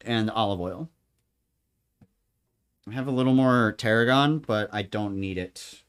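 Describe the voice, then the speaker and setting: A man's voice: on the low side, measured pace, fairly bright tone, clear, resonant tone. A man chatting casually while cooking in his home kitchen, rambling from topic to topic, joking and laughing often. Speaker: home cook.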